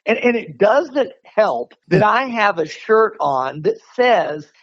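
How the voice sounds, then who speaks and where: A man telling a story in a casual, animated way, often laughing and restarting his sentences. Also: high voice, slow pace, no echo, highs cut off. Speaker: martial arts instructor, podcast guest.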